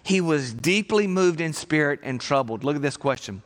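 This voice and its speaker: A man preaching a sermon as pastor, earnest and emphatic, with reflective pauses. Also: a little high, lively intonation.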